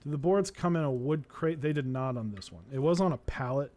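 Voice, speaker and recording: A man's voice: on the high side, lively intonation, brisk, a little mellow, slight background noise. Chatty male streamer, rambling storyteller. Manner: rambling, chatty storytelling with restarts, greets chat viewers. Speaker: keyboard-building streamer. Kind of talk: casual live-stream chat.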